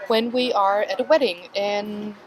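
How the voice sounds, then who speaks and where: A woman's voice: medium pitch, steady tone, unhurried, rough recording. Chatty woman vlogging outdoors. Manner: chatty, laughs easily, narrates to camera. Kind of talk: casual chat. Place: outdoors at a flea market.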